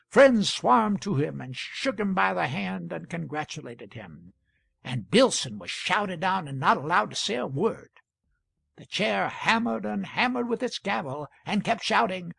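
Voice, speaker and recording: A man narrating an audiobook in a measured storytelling manner. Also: high-pitched, gravelly, a bit bright, breathy edge, no room sound, studio quality. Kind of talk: audiobook reading.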